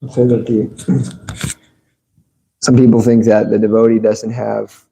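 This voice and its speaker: Very dark-voiced man telling stories. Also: lowish voice, takes it slowly, gravelly, breathy edge, rough recording. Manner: animated, tells stories with quoted dialogue. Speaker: devotee commenting on the class. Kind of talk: anecdotal storytelling.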